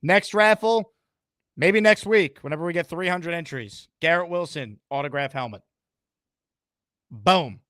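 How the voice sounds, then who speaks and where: A man's voice: fairly high pitch, measured pace, long pauses, fairly bright tone, no room sound, studio quality. A man hosting a live sports fan stream, greeting callers and talking straight to his viewers. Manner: upbeat, addressing viewers and callers. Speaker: host.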